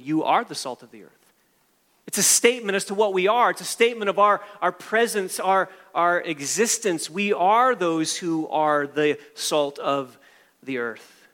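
A man's voice: on the high side, a bit bright, big-room sound. A male pastor delivering an emphatic sermon, repeating phrases and restarting as he builds each point.

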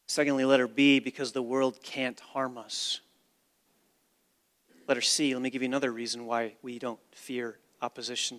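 A man preaching a sermon as pastor, with dramatic swings from hushed to loud and emphatic delivery. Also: medium pitch, flat delivery, normal speed. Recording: long reverb of a large hall.

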